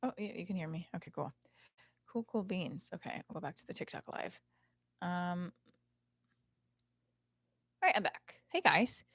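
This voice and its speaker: A woman's voice: on the low side, animated, normal speed, long pauses, fairly bright tone, no echo. A woman in her thirties hosting her own podcast in a casual, candid and rambling monologue, swearing freely and using many fillers. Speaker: podcast host. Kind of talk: casual live-stream monologue. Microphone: home setup, streaming and recording at once.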